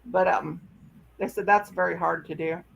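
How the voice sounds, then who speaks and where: A woman's voice: fairly low pitch, fairly even intonation, moderate pace, gravelly, slight background noise, low-quality recording. A woman hosting a casual livestream chat from home, talking in a rambling, folksy way. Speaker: host.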